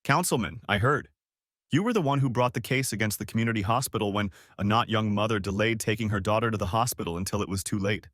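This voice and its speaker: A man's voice: lowish voice, quick pace, a bit bright, no room sound, studio quality, natural voice. A man voicing a smug, self-assured rival who talks down to people, in a storybook reading.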